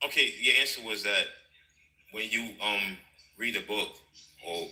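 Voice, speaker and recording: A man's voice: lowish voice, measured pace, sharp tone, poor audio. A man calling into a live stream, hesitant and questioning, with many fillers. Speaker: caller. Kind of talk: casual live chat.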